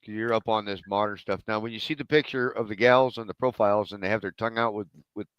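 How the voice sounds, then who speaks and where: A man's voice: on the low side, steady tone, fast talker, a bit bright, smooth, no room sound, muffled recording. A man co-hosting a casual panel chat from his couch over a video call, asking blunt questions. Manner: curious, asks questions bluntly. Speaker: co-host. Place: home living room couch.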